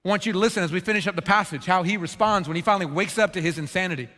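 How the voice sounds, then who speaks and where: Earnest pastor giving a sermon, a man with a high voice, in a reverberant hall. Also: racing. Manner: earnest, animated storytelling, acts out quotes.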